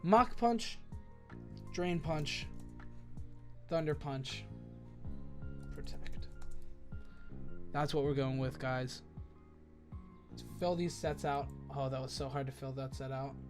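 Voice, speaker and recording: A man's voice: mid-range voice, slow pace, long pauses, music in the background. A man giving casual, rambling commentary as he builds a competitive team, thinking aloud and correcting himself with lots of fillers.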